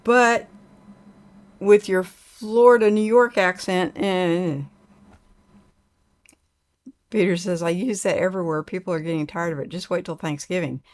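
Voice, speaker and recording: A woman's voice: on the low side, steady tone, moderate pace, pauses often. An older woman with an Oklahoma twang hosting a casual livestream, chatting and reading viewer comments aloud in a rambling way. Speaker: livestream host.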